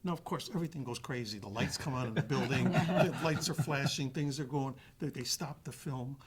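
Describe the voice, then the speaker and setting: Husky-voiced man telling an animated story. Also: medium pitch, a little fast. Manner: animated, acts out quoted voices, trails off and restarts. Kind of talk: casual storytelling.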